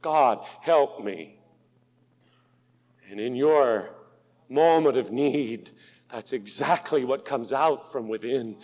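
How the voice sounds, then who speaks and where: A man preaching a sermon in an auditorium, slow and impassioned, dropping to a hush and rising to loud pleas. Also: mid-range voice. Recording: long hall reverb.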